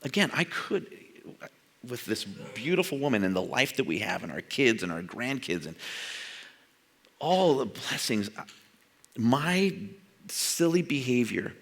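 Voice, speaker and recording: An older man preaches a sermon in a loose, conversational way, slipping into quoted dialogue and laughing at his own asides. His voice is bright and clear. His pitch rises and falls a lot as he talks. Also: sing-song, measured pace, pauses often. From San Jose, California. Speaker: pastor.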